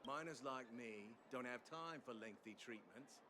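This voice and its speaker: An actor voicing a blunt, weary miner in a game, with a stereotypical Australian accent. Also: male voice, mid-range voice, normal speed, background noise, close to an everyday voice. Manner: blunt and dismissive.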